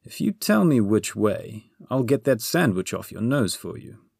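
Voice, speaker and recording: Fussy wizard, voiced by a male narrator pitched up, hesitant, audiobook, dry read. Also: sing-song, unhurried, creaky, darkish tone, breathy edge, dry recording, heavily acted. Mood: fidgety. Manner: hesitant, full of "uh"s. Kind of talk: audiobook character voice.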